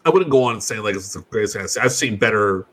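A man with a husky, slightly raspy voice co-hosts a casual chat. He talks bluntly and swears freely. He drifts between mumbled asides and loud, exasperated outbursts. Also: lowish voice, lively intonation, rapid-fire. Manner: blunt and profane, ranting. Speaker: podcast co-host.

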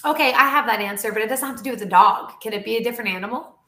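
A woman who trains dogs and animal talent, telling a story in a casual interview with animated, chatty energy and lots of "like.". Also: fairly high pitch, very fast. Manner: animated, chatty, heavy use of "like". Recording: roomy echo.

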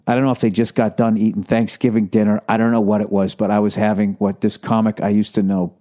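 A middle-aged comedian telling a story in a loose, rambling monologue. He swears constantly, mocks himself, and breaks into animated rants, all in a mellow, dark-toned voice. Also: on the low side, quick pace. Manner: profane, self-deprecating, animated ranting. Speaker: comedian podcast host.

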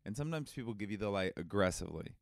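A man's voice: fairly low pitch, animated, rapid-fire, creaky, no echo. A man co-hosting a comedy podcast, joking and rambling in casual chat close to the mic. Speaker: podcast co-host.

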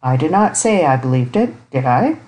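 A woman reading the part of a stern, ironic elderly uncle in an audiobook, speaking gravely and precisely. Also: low voice, big pitch swings, moderate pace, darkish tone, rough recording. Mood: dry.

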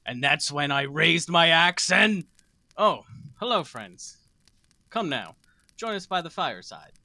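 A man's voice: a little high, measured pace, pushed and bright, dry recording. A man voicing a grim male tavern storyteller in a put-on accent, telling a gory tall tale. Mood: dramatic.

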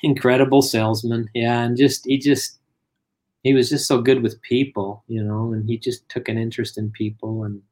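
A middle-aged man with a mid-range voice speaks at a moderate pace, sharing family stories as a guest in casual conversation. He tells them with animation and acts out the quotes himself.

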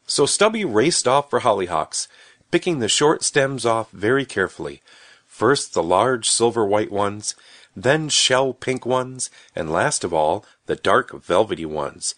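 A man narrating a children's story in an expressive storybook reading. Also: fairly low pitch, a little slow, no echo, clean studio sound.

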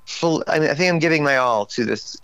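A tired man in his forties chats casually, his voice slightly worn and strained. He jumps into lively, raised impressions of his own outbursts as he tells his stories. The sound is close and dry. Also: fairly high pitch, brisk, smooth, no echo, dull audio. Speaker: guest. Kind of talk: casual interview chat.

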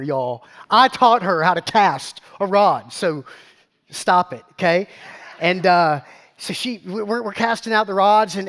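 A man, preaching a sermon built around a story. He talks in an animated way, repeating his words and throwing questions out to the congregation. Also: high voice. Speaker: pastor.

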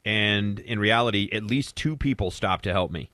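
Male talk radio host, forceful bright voice, dry close studio sound, rambling conversational delivery. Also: fairly low pitch, normal speed, no room sound. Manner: chatty, rambling with fillers and restarts. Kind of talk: casual talk radio chat and storytelling. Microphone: studio microphone.

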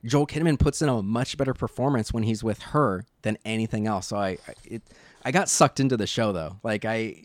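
A man co-hosting a podcast, chatting casually about shows and films in a rambling, animated way with many restarts. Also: fairly low pitch, a little fast, no room sound. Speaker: podcast co-host. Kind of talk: casual movie chat.

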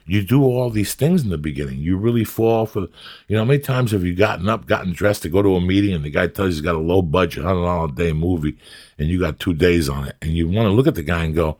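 Rambling through his stories as a podcast guest, this middle-aged actor and comic talks bluntly and with plenty of profanity in a casual chat. He's a fast talker whose voice sits low with a darkish tone.

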